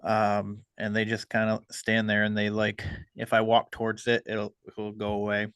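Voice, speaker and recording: A man hosting a podcast, talking casually and hesitantly with many pauses. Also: lowish voice, monotone, fairly bright tone, clear, resonant tone, no room sound. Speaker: podcast host.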